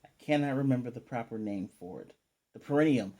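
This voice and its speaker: Speaking briskly in a mid-range voice, a man reviews an anime episode with a loose, lively recap and performs the characters' dialogue along the way.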